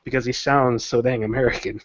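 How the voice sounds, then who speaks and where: A man's voice: mid-range voice, steady tone, brisk. A man co-hosting a casual podcast, telling stories in a thoughtful, easygoing way. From Texas. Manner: thoughtful, storytelling. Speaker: podcast co-host. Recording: dull lo-fi audio.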